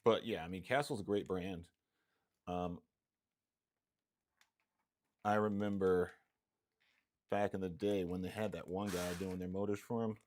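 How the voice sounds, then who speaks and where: A man's voice: sits low, fairly even intonation, a little slow, long pauses, a little mellow. A man chatting casually and mumbling to himself while he builds RC cars, rambling and playful. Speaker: hobbyist streamer building RC cars. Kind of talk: casual talk while working.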